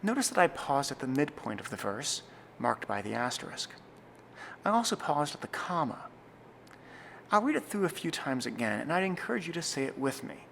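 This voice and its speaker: Man, church music director, earnest instructional tone, gravelly fry, faint background noise. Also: fairly high pitch, big pitch swings, a bit bright. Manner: measured, earnest, reads slowly and deliberately in demonstrations. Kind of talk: scripted instructional talk.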